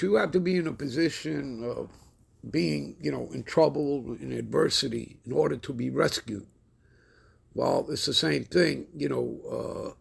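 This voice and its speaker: A man giving a scripture lesson with a deliberate, preacherly emphasis. He keeps checking in with his listeners. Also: medium pitch, vocal fry, slightly rough. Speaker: Bible teacher.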